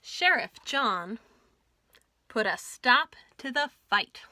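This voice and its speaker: A woman librarian reading a Western picture book aloud at storytime, with expressive, folksy storytelling. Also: on the high side, takes it slowly. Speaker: children's librarian.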